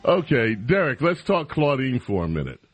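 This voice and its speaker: A man's voice: mid-range voice, very animated, moderate pace, husky, dry recording, faint music behind. A man hosting a talk radio show, announcing and bantering playfully with his co-host.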